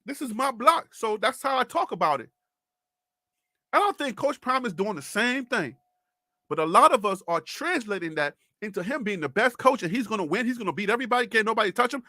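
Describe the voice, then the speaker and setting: A man's voice: high voice, sing-song, fairly quick, pushed and bright, no room sound. A man hosting a live sports talk show, speaking in an impassioned, pleading way and repeating himself. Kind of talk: live sports commentary monologue.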